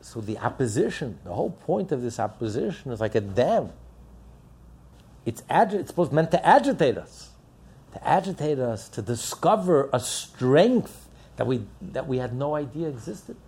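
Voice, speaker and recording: A man's voice: medium pitch, big pitch swings, moderate pace, darkish tone, slightly rough. A man preaching a sermon, impassioned and building up with rhetorical questions. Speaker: religious teacher.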